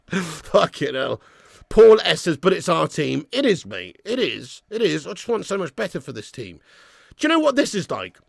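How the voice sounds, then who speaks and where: A man hosting a live football watch-along, reading viewers' messages and ranting with lots of swearing, loud one moment and low and glum the next. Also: gravelly, no room sound, clean studio sound. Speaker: YouTube fan channel host.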